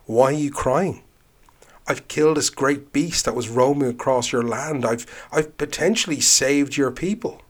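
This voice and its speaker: A man's voice: mid-range voice, a little slow, pitched above the performer's own voice, close to an everyday voice. A man voicing Setanta, an earnest young boy hero. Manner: earnest, vowing, insistent.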